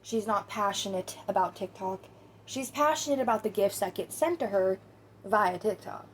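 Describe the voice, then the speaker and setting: A woman's voice: medium pitch, moderate pace, slight background noise. A woman hosting a casual commentary video, chatty and opinionated, talking straight to her viewers. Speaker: commentary host.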